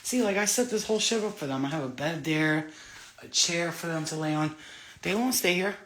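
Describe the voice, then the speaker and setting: A woman chatting casually into her phone camera for a vlog, excitable and rambling, swearing freely as she goes. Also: deep voice, fairly quick. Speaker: vlogger.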